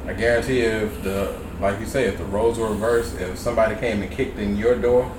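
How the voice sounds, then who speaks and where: A man co-hosting a casual podcast, talking bluntly and profanely in drawn-out phrases. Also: fairly low pitch, fairly even intonation. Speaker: podcast co-host. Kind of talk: casual chat. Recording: roomy, distant mic with background noise.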